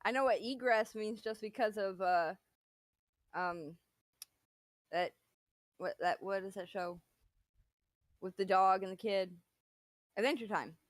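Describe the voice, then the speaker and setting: A woman's voice: mid-range voice, a little slow, pauses often, no echo. A woman chatting on a livestream, reacting playfully and sounding impressed. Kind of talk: casual livestream chat.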